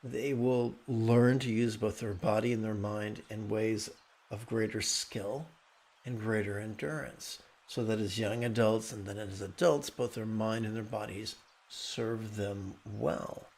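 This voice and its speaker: A man giving a calm, explanatory meditation talk as teacher, often restarting his sentences. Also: on the low side, a little slow.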